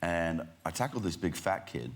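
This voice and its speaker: A man's voice: low voice, expressive, normal speed. A man, a chat show guest, telling a punchy anecdote.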